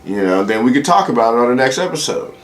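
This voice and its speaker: A man's voice: mid-range voice, lively intonation, fast. A man hosting a casual solo comedy show, rambling and profane, talking straight to his audience. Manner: rambling, profane, acts out quoted voices. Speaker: comedy podcast host. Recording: echoey room with faint ambient noise.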